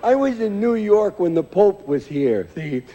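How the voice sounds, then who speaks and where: A man's voice: high voice, big pitch swings, measured pace, noisy background. An older male comedian telling stand-up jokes in a rambling way, chuckling at his own lines and tagging them with "see?", on a large theater stage before a live audience. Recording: dull lo-fi VHS concert recording with long hall reverb.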